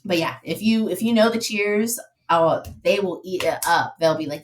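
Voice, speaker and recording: A woman's voice: fairly low pitch, moderate pace, hardly any pauses, low-quality recording. A young woman guest on a podcast, an athletic trainer chatting casually and rambling with lots of "like" and "um". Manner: rambling, heavy on "like" and "um".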